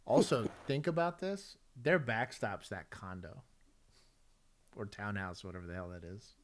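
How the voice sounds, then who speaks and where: Low-voiced man giving casual police commentary. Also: a little slow, background noise. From Texas. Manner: casual and wry, grading police footage. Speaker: host, former police officer.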